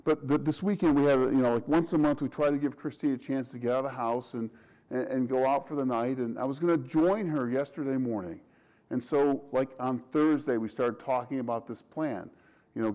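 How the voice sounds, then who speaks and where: A man's voice: medium pitch, fairly quick, warm tone, rough recording. A middle-aged man, a pastor, delivering a conversational sermon with frequent restarts and rhetorical questions.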